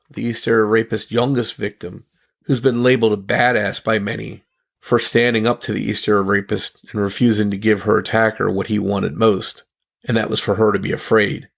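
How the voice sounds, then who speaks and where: A man hosting a podcast, reading scripted narration in a measured storytelling manner. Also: fairly low pitch, gravelly. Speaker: podcast host.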